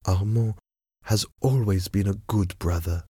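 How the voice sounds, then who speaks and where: A man's voice: on the low side, fairly even intonation, breathy edge, no room sound, studio quality. A man putting on a tearful pleading young woman. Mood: pleading sadly. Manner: soft, pleading, drawn-out. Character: sorrowful young woman pleading with her brother.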